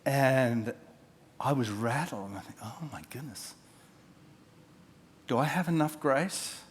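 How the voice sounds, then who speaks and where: A man, a pastor preaching a sermon, telling stories and acting out the quotes, dropping from loud to hushed. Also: medium pitch, lively intonation, a little slow, a little hiss or hum. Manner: storytelling with acted-out quotes, swinging from loud to hushed.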